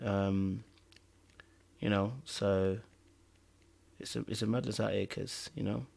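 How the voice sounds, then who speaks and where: A man's voice: fairly low pitch, little pitch movement, slow pace, creaky, a little mellow. A man hosting a podcast in casual chat, rambling and checking in with "okay?" and "you know what I mean". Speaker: podcast host.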